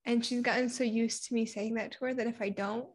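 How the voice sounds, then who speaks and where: A woman's voice: fairly high pitch, fairly even intonation, fairly quick. Chatty young woman from Puerto Rico. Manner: candid, chatty storytelling with acted-out quotes. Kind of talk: casual conversation.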